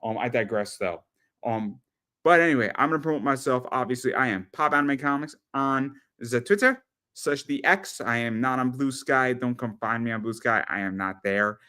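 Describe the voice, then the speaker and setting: A man hosting a casual podcast chat, rambling and animated, often repeating words as he tells stories. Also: mid-range voice, moderate pace, smooth. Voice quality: rambling, animated storyteller with frequent stammered repeats. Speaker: podcast host.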